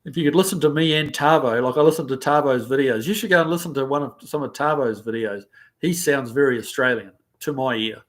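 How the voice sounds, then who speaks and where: Talking a little fast at medium pitch, this livestream host has a New Zealand accent and lives in the United States. He reads out viewer comments casually, meandering and filling gaps with ums and uhs.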